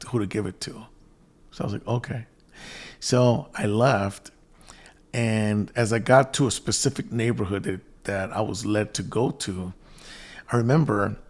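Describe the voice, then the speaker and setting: A man hosting his own show, telling a personal story in a casual, rambling way, quoting himself and restarting his sentences often. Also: on the low side. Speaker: host.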